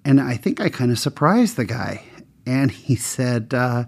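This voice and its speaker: A man's voice: big pitch swings, a little slow, gravelly, husky. Man telling a candid self-mocking story. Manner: voices the people in his story with big pitch swings. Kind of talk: personal anecdote with a moral lesson.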